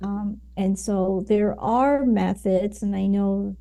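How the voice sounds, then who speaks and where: A woman's voice: medium pitch, steady tone, slow, vocal fry, mellow. A woman guest on a podcast, explaining her ideas at length, with many fillers and "right?"s. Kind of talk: conversational interview.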